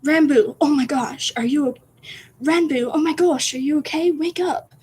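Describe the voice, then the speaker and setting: A woman's voice: high voice, normal speed, mellow, voice pushed up, close to an everyday voice. A woman doing a frantic young man calling out. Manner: urgent, raised voice.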